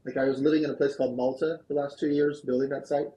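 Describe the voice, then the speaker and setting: A man, a guest on a podcast, telling a long story in an animated, fast-moving way. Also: medium pitch, poor audio. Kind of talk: storytelling interview answer. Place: podcast studio.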